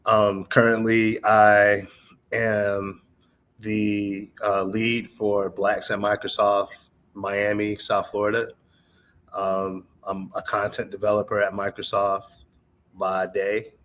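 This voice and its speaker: A man from North Carolina, a podcast guest who introduces himself in a measured way with many pauses and ums. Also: fairly low pitch, monotone, fairly bright tone, slight background noise. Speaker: guest, adjunct professor and content developer. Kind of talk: podcast interview.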